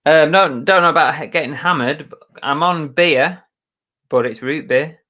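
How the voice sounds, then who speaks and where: A man's voice: a little high, normal speed, bright, forceful tone. A man hosting a casual live stream chat, greeting viewers by name in a chatty, self-mocking way with mild muttered curses.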